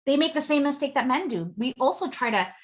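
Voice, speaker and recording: A woman relationship coach, a podcast interview guest, telling stories in an animated way with many fillers. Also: sits high, fairly quick. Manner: animated storytelling with lots of fillers.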